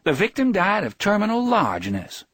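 A man voicing a bossy wife who nags her husband with affectionate teasing, in a husky voice. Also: sits low, big pitch swings, normal speed, no room sound, voice pushed up, heavily acted. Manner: nagging but affectionate teasing.

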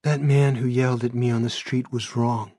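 A man's voice: mid-range voice, flat delivery, moderate pace, dark tone, dry recording, clean studio sound, lightly acted. A man voicing an earnest young woman, hurt but insisting firmly.

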